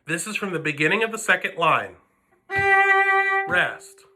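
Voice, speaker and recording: A man's voice: fairly high pitch, very animated, unhurried. A man giving a patient music lesson, counting beats aloud and explaining notes to his students. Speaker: string teacher. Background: violin playing.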